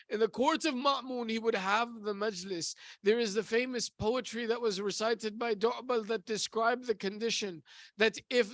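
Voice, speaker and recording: High-voiced man preaching a solemn sermon. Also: a bit bright, dry recording. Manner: solemn storytelling, slows on key words. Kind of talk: mourning sermon. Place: community center hall.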